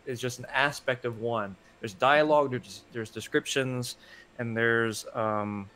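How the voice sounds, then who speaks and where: A man's voice: mid-range voice, fairly even intonation, pushed and bright. A man speaking in an easygoing, mid-range voice on a live stream panel. He talks loosely and halts, repeating words and restarting sentences as he gathers his thoughts. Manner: halting, restarts sentences, loses his thread. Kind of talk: casual panel discussion.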